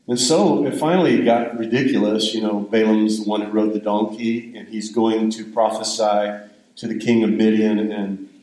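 A man's voice: fairly low pitch, darkish tone. Older man preaching in an echoey room. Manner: conversational, rambling storytelling with restarts. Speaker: pastor. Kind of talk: sermon.

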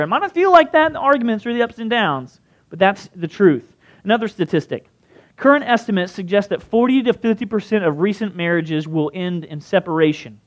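High-pitched guy preaching, chatty, keeps asking the room questions. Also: animated, a little fast. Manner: conversational, asks the crowd questions. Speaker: pastor. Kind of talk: sermon.

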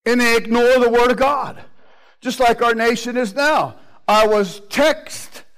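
A man preaching a sermon with animated delivery, acting out the voices he quotes. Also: very high voice, unhurried, clear, resonant tone, low-quality recording.

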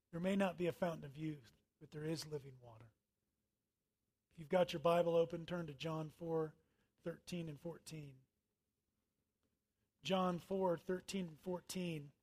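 Middle-aged male pastor, high voice, sermon delivery, dynamic swings from loud to hushed. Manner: swings from loud emphatic lines to quiet near-whispers.

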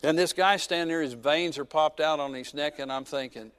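Storytelling preacher, fairly high voice. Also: male voice, a little fast, clear, resonant tone. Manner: storytelling with sudden shifts between loud and soft, joking asides. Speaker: pastor. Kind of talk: sermon with a personal story.

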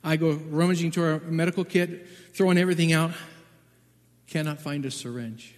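A man telling a personal testimony as a Bible translator, halting and repeating words, then growing urgent and loud at the tense parts. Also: fairly high pitch, steady tone, big-room sound.

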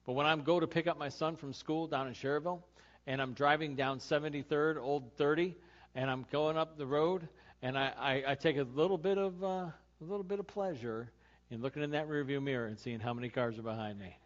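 A middle-aged male pastor giving a conversational sermon, telling a personal story with animated voices and then turning quiet and earnest to make his point. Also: fairly high pitch, brisk. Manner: animated storytelling, acting out his own road rage; turns quiet and earnest when making the point. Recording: dull lo-fi sermon recording.

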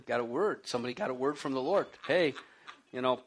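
A man preaching a sermon, telling stories from his own life with animated delivery and then reading scripture aloud and explaining it. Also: medium pitch, a little fast, slight background noise. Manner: animated storytelling, acting out his own pleas and rising to loud cries. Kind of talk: sermon with personal testimony.

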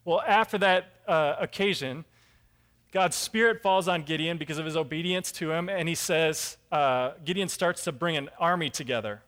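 A man's voice: on the high side, moderate pace, fairly bright tone. A man preaching a casual, conversational sermon as a pastor, self-deprecating and acting out characters' lines.

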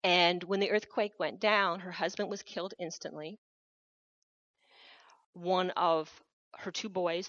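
A middle-aged woman tells a personal story in an earnest, reflective way, pausing softly between thoughts. Her voice comes through a slightly dull, muffled recording in a dry space with no room sound. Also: fairly low pitch, dry recording. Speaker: missionary speaker. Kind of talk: personal testimony talk.

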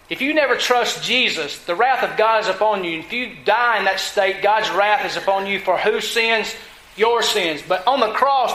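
A man's voice: sits high, pushed and bright, reverberant, rough recording. A man preaching a sermon, emphatic, asking his listeners questions and answering them himself. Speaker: pastor.

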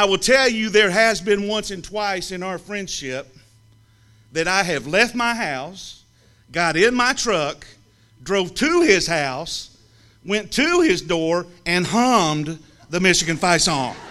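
A man from the American South, telling a humorous story to an audience in a lively, teasing way with comic pauses. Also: sits high. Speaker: speaker telling a story about a friend.

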